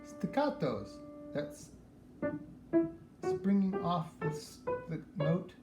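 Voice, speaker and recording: Man, piano teacher, relaxed explaining, slightly high voice, echoey room, piano playing behind. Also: slow pace. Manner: relaxed, explains while playing and counting aloud. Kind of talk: piano lesson demonstration.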